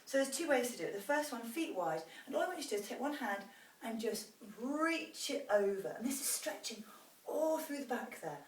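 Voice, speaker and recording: A woman's voice: on the high side, very animated, a little fast, far from the mic. A woman fitness instructor guiding a post-run stretching routine, demonstrating each stretch as she encourages the viewer. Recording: roomy sound from off-mic with faint noise.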